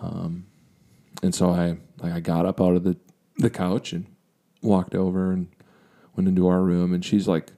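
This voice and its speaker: A man's voice: low voice, vocal fry. A young adult man on a podcast, casually and candidly telling a personal story with self-deprecating humor. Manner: candid, self-deprecating, drops to a quiet reflective tone. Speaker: podcast co-host.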